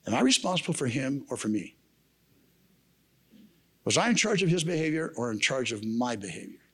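A man's voice: medium pitch, very animated, a little fast, fairly bright tone, breathy edge. A man giving a sermon at a men's camp, telling a personal story in a casual, slangy way. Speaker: camp speaker. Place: camp meeting room.

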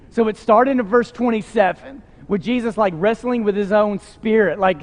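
A male pastor delivers a sermon in a high voice with an earnest, conversational tone, often dropping in casual fillers. His words ring out with a long reverb, as if he is speaking in a large church hall. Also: moderate pace.

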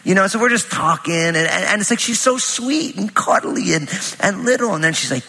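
A pastor with a bright, somewhat husky voice, speaking in a relaxed, joking, conversational way. His words ring out with a long reverb, as in a large church hall. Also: sits high, brisk. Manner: conversational, humorous storytelling with many fillers. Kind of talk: sermon with personal stories.

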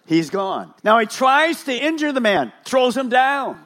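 A man's voice: high voice, very animated, a little slow, fairly bright tone. A male pastor preaching a sermon at a church service, emphatic and full of rhetorical questions.

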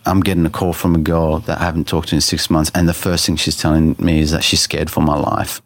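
A man's voice: extremely low pitch, level tone, fast, dry recording. A man telling a personal story in an interview, earnestly, with many restarts, acting out his own thoughts in quoted lines. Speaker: interview guest. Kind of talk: personal testimony in conversation.

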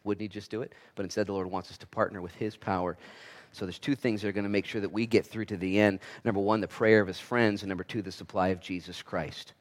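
A man preaching a sermon as pastor, swinging between quiet and loud delivery and acting out the voices he quotes. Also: low voice, steady tone, fast talker.

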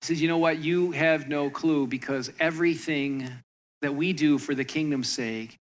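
A man's voice: a little high, normal speed. Conversational male pastor telling a story. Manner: storytelling, conversational, with lively voiced quotes. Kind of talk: sermon.

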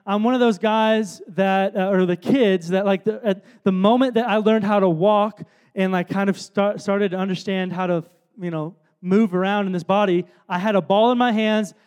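A man's voice: high-pitched, steady tone, moderate pace, darkish tone, clean tone. A man, giving a casual, storytelling sermon full of fillers and self-deprecating asides. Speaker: speaker at a worship event.

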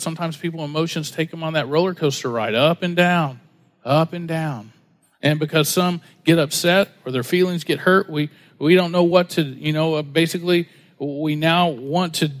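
A man preaching a sermon in a relaxed, joking storytelling way, slipping into other people's voices as he tells a story. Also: on the high side. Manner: conversational, jokey, acts out quoted voices. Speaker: pastor.

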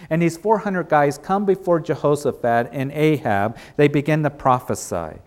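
A man's voice: a little high, moderate pace, hardly any pauses. A male pastor delivering a sermon, retelling a story and driving points home with repeated, emphatic phrases.

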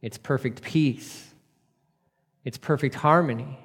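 A man preaching a casual, conversational sermon, moving from emphatic points to hushed, tender passages. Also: medium pitch, slow, slightly rough. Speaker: pastor. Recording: long reverb of a hall.

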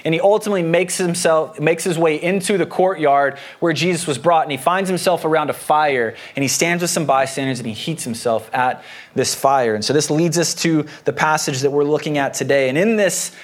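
A man's voice: on the high side, a little fast. A man preaching a sermon as pastor in a conversational way, explaining a passage with homely personal anecdotes.

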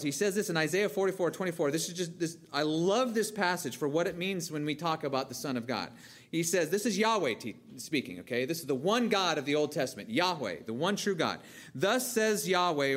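Male preacher, slightly higher voice, emphatic sermon delivery with questions he answers himself. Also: a bit bright. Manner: emphatic, asks the audience questions and answers them.

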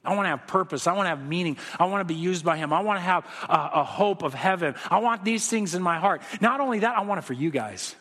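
A man's voice: high voice, expressive, quick pace, hardly any pauses, sharp tone. A man preaching a sermon as pastor, casual and conversational, acting out little prayer dialogues. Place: church sanctuary. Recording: long hall reverb.

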